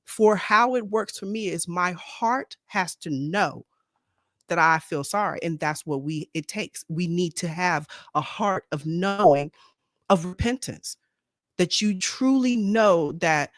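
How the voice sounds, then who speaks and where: Woman, blunt and outspoken, low voice, dry close sound, casual faith chat. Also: lively intonation, takes it slowly, dry recording. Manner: blunt, outspoken, repeats herself. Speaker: co-host. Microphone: streaming microphone.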